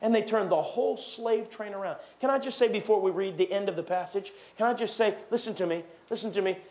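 A man preaching a sermon in a church, animated, acting out gossiping churchgoers with raised voices. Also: high voice, quick pace. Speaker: pastor. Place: church sanctuary.

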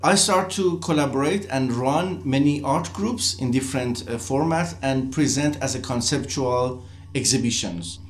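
A man from Iran, giving a documentary interview in halting English full of restarts. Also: mid-range voice, reverberant. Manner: halting non-native English with frequent restarts. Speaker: interviewee artist.

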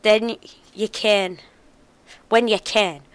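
Lady reading out a kind mom in a western game, sweet, unhurried. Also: mid-range voice, steady tone, clean tone, no echo, natural voice. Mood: fond. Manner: read aloud from game dialogue. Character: warm mother saying goodbye to her child.

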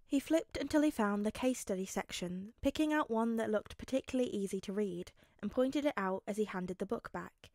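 A woman narrates a fanfic audiobook in a calm, even voice of middle pitch. The sound is dry and close, with no room around it. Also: fairly quick, hardly any pauses, dry recording.

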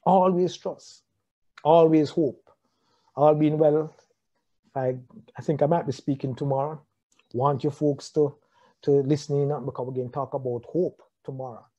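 A man's voice: on the high side, fairly even intonation, normal speed, long pauses, mellow, breathy edge, dull audio. A Jamaican man preaching about marriage, asking rhetorical questions, repeating phrases and chuckling often. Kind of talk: sermon on marriage.

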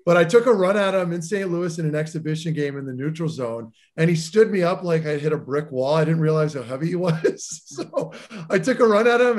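Male co-host, 35, rapid and lively, somewhat high-pitched storyteller. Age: 30s. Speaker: podcast co-host, former hockey player. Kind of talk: casual interview chat.

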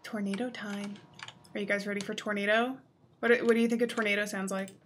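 A woman's voice: medium pitch, little pitch movement, fast talker, a little hiss or hum. A young woman giving casual let's play commentary, chatty and playful, talking to her viewers and easily startled. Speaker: gaming youtuber.

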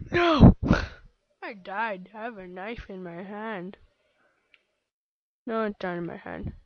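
A woman giving excitable, playful live gameplay commentary, sometimes slipping into baby talk, close to her microphone. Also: mid-range voice, a little slow, long pauses, dry recording. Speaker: let's play gamer. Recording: dull lo-fi home mic.

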